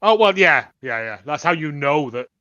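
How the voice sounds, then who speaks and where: A man's voice: a little high, lively intonation, moderate pace, bright, forceful tone, dry recording, highs cut off. A man co-hosting a podcast, reflecting on a scene in casual chat with dry quips. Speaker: podcast co-host.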